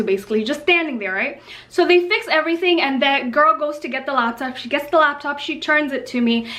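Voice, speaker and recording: A young woman telling a story in a casual, animated, slang-filled vlog. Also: sits high. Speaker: vlogger.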